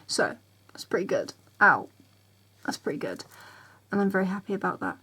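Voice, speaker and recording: A young woman, chatting casually to camera in her bedroom, tired and rambling, sometimes dropping to a soft near-whisper. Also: mid-range voice, very animated, moderate pace, breathy edge. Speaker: vlogger.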